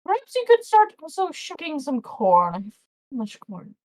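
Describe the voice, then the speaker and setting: A woman's voice: high-pitched, huge pitch swings, normal speed, darkish tone, voice pushed up. A woman voicing a fussy, chatty old male farmer who babbles on. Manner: babbling, doting, rambling.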